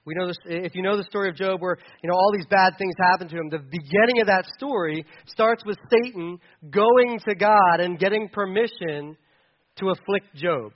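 A man preaching in a loose, conversational way, often stumbling and restarting as he explains. His voice sits fairly high for a man. The sound is dull and lo-fi. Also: normal speed, a little hiss or hum. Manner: casual, chatty, with many restarts and fillers. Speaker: pastor. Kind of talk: conversational sermon.

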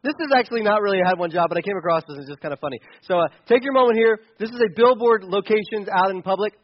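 A man's voice: sits high, very fast, dry recording, lo-fi sound. A man giving sarcastic, exasperated comedic commentary on pictures, chuckling as he goes.

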